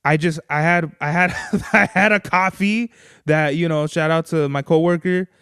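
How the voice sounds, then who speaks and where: A man's voice: a little high, steady tone, moderate pace, a bit bright, clear, resonant tone, dry recording, clean studio sound. A man hosting a podcast, telling a long, rambling story in casual, profane chat. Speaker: podcast host.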